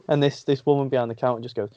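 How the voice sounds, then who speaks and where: Chatty Northern English man, mellow. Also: medium pitch, no room sound. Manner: chatty storyteller, laughs often. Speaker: guest wrestler. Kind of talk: casual interview chat. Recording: dull lo-fi sound.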